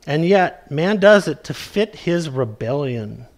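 A male pastor preaching a sermon, slowly and emphatically, stretching out key words for weight. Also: on the high side, expressive.

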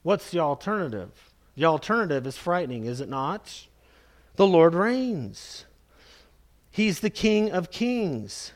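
A man preaching a sermon, slow and emphatic, repeating key phrases and calling his listeners "beloved". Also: fairly high pitch, big pitch swings.

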